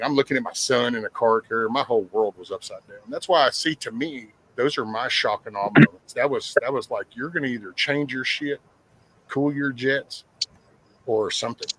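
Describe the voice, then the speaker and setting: A man's voice: medium pitch, fairly quick, fairly bright tone, poor audio. A middle-aged man, telling blunt, profane stories in casual podcast talk. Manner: rough-spoken, profane, plainspoken. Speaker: guest sharing life stories.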